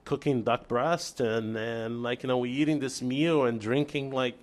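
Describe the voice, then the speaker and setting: A man from Brazil, a chef guest on an interview show, telling a story in casual chat with lively restarts and acted-out dialogue. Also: mid-range voice, normal speed. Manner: animated storyteller, acts out quoted dialogue, many restarts.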